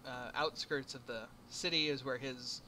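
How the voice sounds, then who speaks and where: A man's voice: medium pitch, fairly even intonation, normal speed, sharp tone, a little hiss or hum. A man narrating as game master in a tabletop game, casual and a little hesitant.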